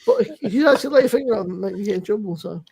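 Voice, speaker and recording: A woman's voice: medium pitch, animated, rapid-fire, vocal fry, darkish tone, slightly rough. A woman telling a blunt, swear-filled story in casual chat, laughing often. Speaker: guest on a beer live stream. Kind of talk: casual chat on a live stream.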